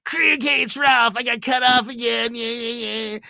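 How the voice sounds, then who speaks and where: A man imitating an excitable radio host who gushes and rambles on in a high, eager voice. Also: moderate pace, gravelly, dry recording, exaggerated voice. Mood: rambling.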